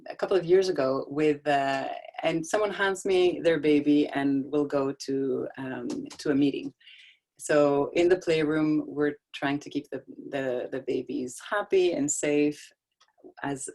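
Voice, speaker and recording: A middle-aged woman with a notably low voice talks about parenting over a video call. She tells stories conversationally, laughing often and restarting her sentences. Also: darkish tone. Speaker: guest speaker on child development. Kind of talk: casual talk on a video call. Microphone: video call microphone.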